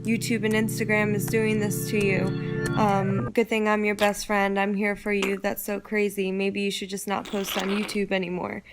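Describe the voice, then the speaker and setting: A woman's voice: mid-range voice, moderate pace, over music. A young woman telling a personal story casually, peppering it with "like" and quoting others. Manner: chatty, heavy use of "like", animated quoting.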